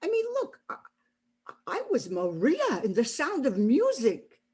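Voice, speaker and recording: A woman's voice: fairly high pitch, wildly swooping pitch, unhurried, mellow, breathy edge, exaggerated voice. An actress playing a feisty, foul-mouthed elderly woman who was once an actress, performed on stage. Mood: boastful. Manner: brash, boastful, salty-tongued.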